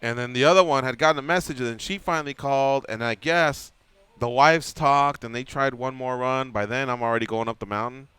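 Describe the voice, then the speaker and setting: A brisk, smooth male voice of medium pitch, with no echo, comes from a radio studio. The host tells a long story in relaxed chat, animatedly acting out what people said.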